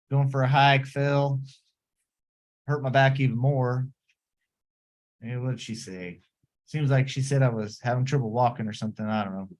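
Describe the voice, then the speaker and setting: A man's voice: mid-range voice, close to an everyday voice, poor audio. A man playing an easygoing, beer-loving grandpa with back pain, rambling with a put-on accent. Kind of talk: role-play of a patient's spoken history.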